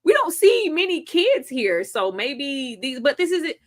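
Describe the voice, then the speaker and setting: A woman's voice: high voice, big pitch swings, unhurried. A woman co-hosting a live fan discussion, thinking aloud and restarting as she works through theories. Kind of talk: casual live-stream chat.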